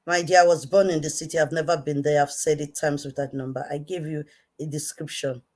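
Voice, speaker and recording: A woman with a Nigerian accent giving an impassioned rant to camera, repeating herself emphatically and swinging between quiet intensity and shouting. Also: sits low, fairly even intonation, fairly quick. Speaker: online commentator.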